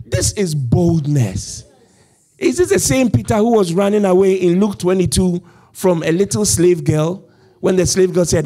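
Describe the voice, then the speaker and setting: A man's voice: high voice, expressive, moderate pace, mellow. A male pastor preaching a sermon, telling the story with animation, acting out the quoted voices and laughing as he goes. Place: church.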